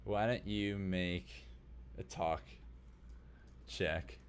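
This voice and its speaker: A man's voice: low-pitched, fairly even intonation, very slow, smooth. A man narrating as game master of a tabletop game, describing scenes loosely with many fillers.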